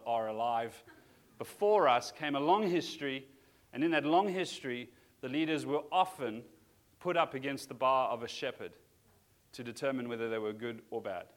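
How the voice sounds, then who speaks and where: Earnest man preaching a sermon. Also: medium pitch. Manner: earnest, conversational preaching with restarts. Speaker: pastor.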